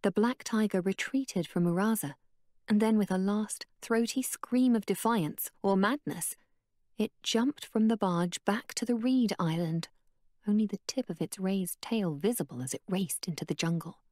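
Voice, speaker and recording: In steady, even tones, a woman tells a story as she narrates a scripted audiobook. The sound is clean studio quality with no room sound, and her medium-pitched voice moves at a normal speed.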